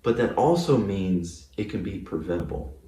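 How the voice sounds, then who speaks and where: A man's voice: low-pitched, lively intonation, normal speed, mellow, reverberant, distant mic. A male pastor giving a casual, conversational sermon, full of fillers and often checking in with the congregation. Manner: casual, filler-heavy, asks the congregation "right?". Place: church sanctuary.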